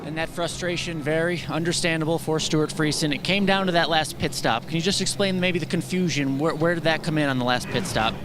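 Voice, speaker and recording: A man's voice: fairly high pitch, fairly even intonation, a little fast, few pauses, music in the background. A man working as a pit reporter, asking a driver sympathetic questions after the race. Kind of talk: post-race interview questions. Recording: clear track noise.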